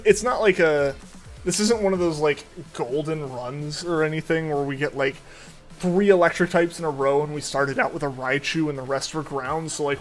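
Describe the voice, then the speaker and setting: Rambling young man chatting over game music. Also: a little high. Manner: rambling, with many fillers and restarts. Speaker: streamer. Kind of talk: casual chat while gaming.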